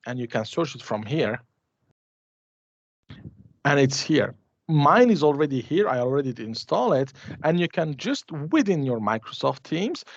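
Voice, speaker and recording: Man demoing software, dull audio. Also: mid-range voice, no echo. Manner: chatty, restarts and hesitates while clicking through a demo. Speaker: conference presenter. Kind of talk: live software demo.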